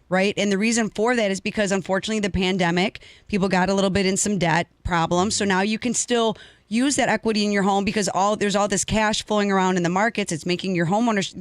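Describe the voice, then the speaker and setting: A woman's voice: medium pitch, dry recording, studio quality. Emphatic woman mortgage co-host. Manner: emphatic, keeps asking "right?". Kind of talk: radio business talk show.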